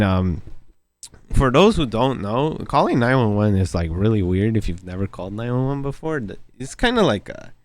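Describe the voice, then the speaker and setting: A young man telling a casual, slangy story with plenty of swearing, often breaking into laughter at his own telling. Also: mid-range voice. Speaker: vlogger.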